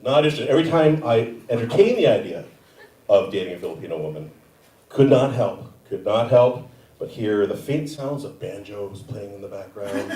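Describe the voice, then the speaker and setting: A man doing a stand-up comedy set on a theater stage, animated and acting out other people's voices. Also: low-pitched, far from the mic, background noise. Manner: animated, acts out voices of relatives and fantasy women. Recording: echoey theater, mic heard from afar.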